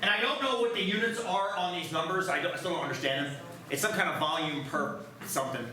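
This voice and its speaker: Male math teacher, high and lively, self-mocking humor, booming classroom echo. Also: quick pace, a little hiss or hum. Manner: joking, self-deprecating. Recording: echoey classroom.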